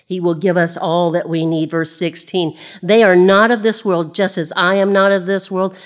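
A woman from Illinois teaching a sermon in a slightly low voice. She talks in a chatty way with self-deprecating asides and slows down when she reads scripture. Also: steady tone. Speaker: Bible teacher.

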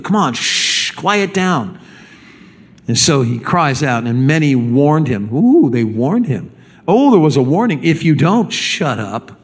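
A man preaching a sermon as pastor, speaking emphatically and often repeating words as he builds a point. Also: fairly high pitch.

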